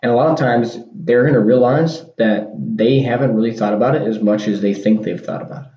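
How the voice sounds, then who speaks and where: On his casual solo podcast, a host rambles along, frequently repeating himself and starting over. He talks a little fast in a medium-pitched, dark-toned voice, recorded with dull lo-fi sound in an echoey room.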